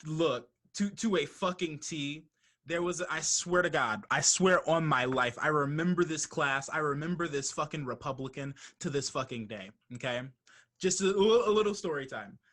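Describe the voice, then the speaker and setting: Young man, podcast host, casual chat, bright forceful voice, slightly high pitch, animated and profane. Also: normal speed. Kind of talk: casual conversation.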